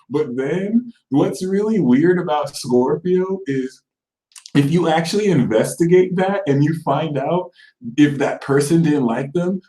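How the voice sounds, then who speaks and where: A man giving a casual live horoscope reading, slangy and animated, acting out the people he quotes. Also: on the high side. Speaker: astrologer. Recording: roomy echo.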